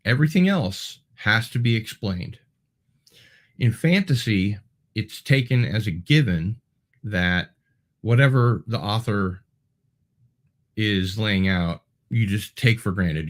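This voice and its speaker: A man's voice: fairly low pitch, lively intonation, takes it slowly. A man hosting a casual livestream, answering viewer comments in a rambling, digressive way with many ums and restarts and wry asides. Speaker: show host.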